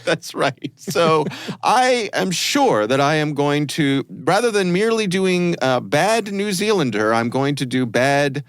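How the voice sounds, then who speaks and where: A man hosting a podcast, laid-back and quick to laugh, with dry quips. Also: on the high side, big pitch swings, smooth, no echo. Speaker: podcast host. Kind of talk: casual chat.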